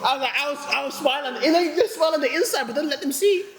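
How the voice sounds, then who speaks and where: A pastor preaches a sermon in a church hall, telling a personal story with humor, acting out other people's voices and laughing often. His voice is very high and he talks fast, the sound carrying in the large space.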